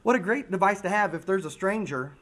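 A man in his forties with an American accent speaks to a room of parents at a community coffee meeting. His voice sits high for a man, and he keeps it animated by slipping into quick impressions of children and his own daughter. The delivery is chatty and earnest. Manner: animated, acts out kids' lines. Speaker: school safety presenter.

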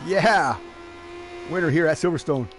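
Excitable man commentating a sim race. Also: on the high side, unhurried, soft background music. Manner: excitable, joking, laughs often. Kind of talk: casual sim racing commentary. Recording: noisy background.

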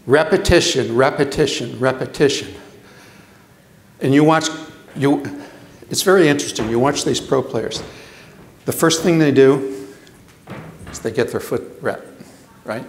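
An older man giving a lecture, animated, asking the audience questions and repeating himself for emphasis. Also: medium pitch, measured pace, pauses often, roomy sound, a little hiss or hum. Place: lecture hall.

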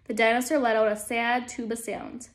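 A woman teacher reading a children's storybook aloud in a gentle, calm manner as she guides young listeners. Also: a little high, moderate pace.

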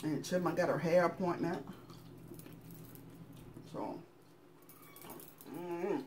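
A woman's voice: fairly low pitch, fairly even intonation, slow, noisy background. A woman with a Southern US accent chatting casually as she eats on camera, talking through bites and laughing often. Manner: chatty, laughing, talks while chewing. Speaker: mukbang channel host. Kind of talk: casual chat while eating.

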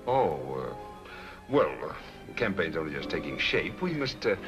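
An actor in a 1940s film playing a cheerful, flirtatious company boss who talks in a teasing, breezy way. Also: male voice, low voice, very animated, normal speed, muffled recording, music in the background. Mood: flirting. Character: cheerful, flirtatious male business executive.

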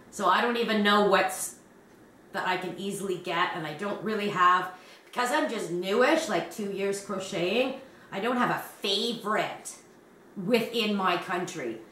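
A Canadian woman running a crochet channel rambles through a casual chat and laughs often, her medium-pitched voice sharp in tone at a moderate pace. The roomy, distant-mic recording has slight background noise.

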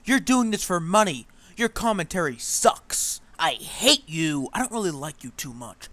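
A man voicing an angry male commenter who shouts accusations. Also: high voice, big pitch swings, moderate pace, voice pushed up. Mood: angry shouting.

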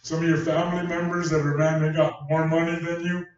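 Heard from far off in a very echoey church hall, a pastor with a high voice tells stories in a folksy, chatty sermon. His delivery is flat and brisk, and the sound comes across dull and muffled.

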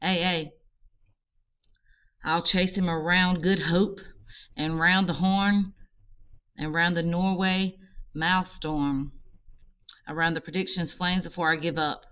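A woman's voice: lowish voice, steady tone, slow, pauses often, fairly bright tone, clear, resonant tone, muffled recording. A woman voicing an obsessed, fierce old male sea captain in an amateur audiobook reading, declaiming with vengeful force. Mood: rousing.

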